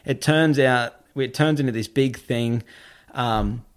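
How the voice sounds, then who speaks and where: A young man tells a story as a guest in a relaxed interview. His voice sits at an ordinary middle pitch, and he rambles loosely, with plenty of "like" fillers. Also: takes it slowly. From Australia. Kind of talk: casual storytelling.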